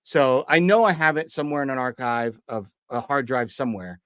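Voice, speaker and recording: With a smooth, mid-range voice and a fairly quick pace, this man co-hosts a podcast and recounts a personal story, animatedly voicing the dialogue he remembers. The studio-quality audio has no echo.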